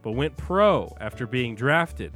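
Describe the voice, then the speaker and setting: Young guy co-host, animated pitch, loose joking talk, faint music. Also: takes it slowly. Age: young adult. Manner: laid-back, joking, hesitant fillers. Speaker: podcast co-host. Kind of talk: casual sports chat.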